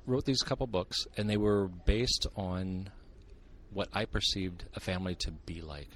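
An older man from Montana speaks in a low voice at a measured pace, with crowd noise around him. He's a guest on a casual podcast, an author and Bigfoot researcher who tells stories in an animated, joking, sarcastic way.

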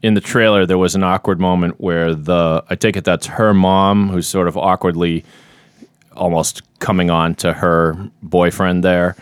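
Animated low-voiced man hosting a podcast. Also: smooth, no room sound, clean studio sound. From United States. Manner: animated, joking, quick asides. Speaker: podcast host. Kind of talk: casual chat.

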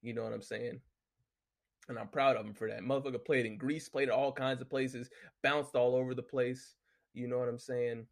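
Reading off his notes, this solo sports commentator speaks at a normal speed in a creaky, medium-pitched voice with a level tone. His casual rant runs hot, packed with profanity and repeated "you know what I'm saying" fillers.

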